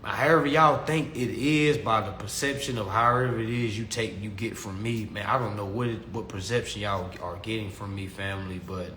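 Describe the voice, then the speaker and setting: A man's voice: fairly low pitch, fairly even intonation, a little fast, hardly any pauses, pushed and bright, a little hiss or hum. A young man teaching consumer law in a casual, preachy talk to his followers, repeating himself and calling them family. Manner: preachy, repetitive, calls listeners family. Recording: echoey room with faint ambience.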